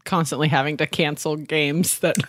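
A woman's voice: low-pitched, steady tone, normal speed, fairly bright tone. A woman from Washington State hosting an interview podcast, asking chatty questions and laughing often. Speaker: podcast host. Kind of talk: casual interview chat.

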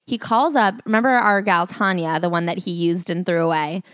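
A woman's voice: on the low side, fairly even intonation, a little fast, smooth, no room sound, clean studio sound. A woman co-hosting a comedy podcast, reacting to a book with exasperated, incredulous commentary. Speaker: podcast co-host.

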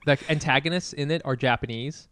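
A man co-hosting a podcast, chatting casually, with lots of quick agreement and stammered restarts. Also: medium pitch, background noise. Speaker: podcast co-host. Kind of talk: casual chat.

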